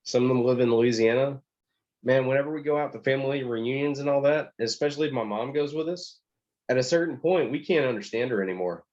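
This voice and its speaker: A man's voice: mid-range voice, fast talker, a little mellow, lo-fi sound. A man with a Texan accent, co-hosting a podcast, telling rambling joking stories in casual chat. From Texas. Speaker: podcast co-host.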